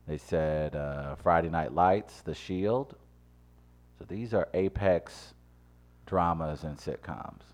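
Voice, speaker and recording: Deep-voiced man arguing his point. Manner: animated, rushes when making a point. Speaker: podcast co-host. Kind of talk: casual panel chat.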